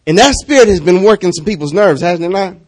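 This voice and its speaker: A man preaching a sermon as a pastor, animated and often laughing, swinging from loud calls to quiet, hushed passages. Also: sits high, fast talker. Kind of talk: lively sermon.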